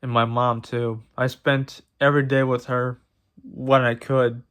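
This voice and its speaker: A man talking to his viewers in a personal vlog, emotional and close to tears, halting and repeating his words as he speaks. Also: mid-range voice, little pitch movement, fairly bright tone, clean tone. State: tearful, emotional. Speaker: vlogger. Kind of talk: personal vlog talk to camera.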